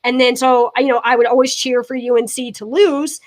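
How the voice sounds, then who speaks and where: A young woman, a podcast guest, telling an animated story in casual chat, with lots of fillers. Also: fairly high pitch, fairly quick.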